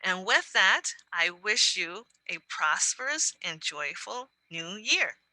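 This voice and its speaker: A woman's voice: medium pitch, big pitch swings, pushed and bright, no room sound, rough recording. A woman, giving an educational lecture over a video call and patiently explaining. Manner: explains patiently, repeats phrases slowly for learners. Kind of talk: online lecture with Q&A.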